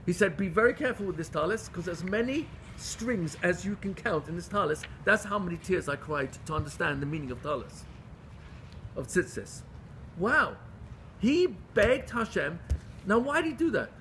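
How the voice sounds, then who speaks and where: A man teaching a Torah class with a high, bright voice and a faint hum behind him. He talks fervently and questions his listeners. He moves between loud pleas and hushed, intimate asides. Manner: questions the audience. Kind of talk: Torah lecture to a live group.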